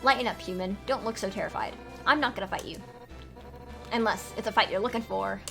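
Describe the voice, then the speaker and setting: Woman doing a loud, brash fish warrior girl. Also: mid-range voice, fairly quick, vocal fry. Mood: teasing. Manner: shouty, boisterous, calls people punk. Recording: music playing underneath. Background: background music.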